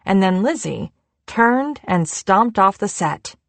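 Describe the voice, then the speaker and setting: A woman reading an audiobook in a measured, unhurried scripted narration. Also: medium pitch, expressive, gravelly, dry recording.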